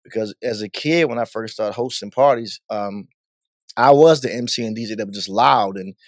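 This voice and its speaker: A man's voice: lowish voice, moderate pace, dry recording. A man from Baltimore, a guest DJ and radio host, telling stories animatedly in a casual interview. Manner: animated, acts out voices in stories.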